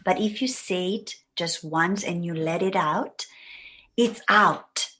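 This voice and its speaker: A woman speaks as a podcast guest, her voice a little husky and pitched on the low side. She wanders through her points and slips into voicing the thoughts she quotes. The talk is casual and conversational. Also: takes it slowly, bright, forceful tone. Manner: rambling, acts out quoted thoughts. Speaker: guest, writing mentor.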